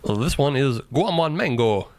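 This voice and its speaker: A man's voice: mid-range voice, animated, moderate pace, dry recording. A man co-hosting a beer podcast in casual chat, laughing often and mocking himself. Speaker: podcast co-host.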